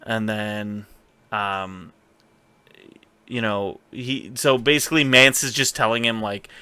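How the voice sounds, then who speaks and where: A man's voice: fairly low pitch, steady tone, slow, long pauses, pushed and bright, smooth, dry recording. A man co-hosting a podcast, casually recapping a TV episode in a rambling way with lots of fillers and quoted asides. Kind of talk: casual chat.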